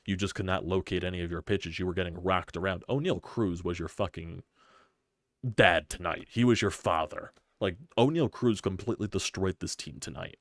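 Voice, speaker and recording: Man, very low voice, live-streamed sports rant, frustrated, profane, dry recording. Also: no room sound. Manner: frustrated, profane, rapid-fire rhetorical questions. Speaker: sports channel host.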